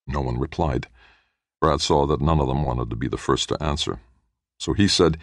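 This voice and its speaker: A man narrating an audiobook in a measured way, lifting his voice a little for the characters' lines. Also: gravelly, no echo, studio quality. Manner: measured, lightly voices characters with a raised pitch. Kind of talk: scripted narration.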